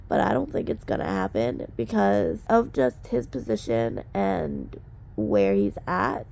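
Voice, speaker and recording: A sick woman vlogger with a hoarse, drowsy voice, chatting casually. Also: a bass voice, very animated, a little slow, a little mellow. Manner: drowsy, croaky talk. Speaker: book vlogger. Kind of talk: casual vlog chat.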